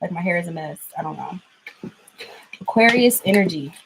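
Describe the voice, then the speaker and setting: A woman's voice: lowish voice, expressive, moderate pace, noisy background. A young adult woman chatting casually through a tarot reading, laughing often. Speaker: tarot reader.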